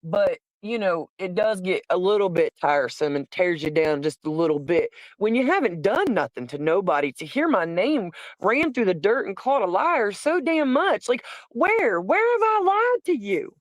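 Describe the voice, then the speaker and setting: A woman's voice: mid-range voice, big pitch swings, moderate pace, few pauses, no echo. A woman in casual livestream chat, talking emphatically and bluntly and swearing freely.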